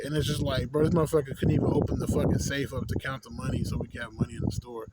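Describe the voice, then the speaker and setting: A man's voice: fairly high pitch, huge pitch swings, rapid-fire, hardly any pauses. A young adult man venting in a casual vlog, profane and full of street slang. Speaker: vlogger. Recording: loud background noise.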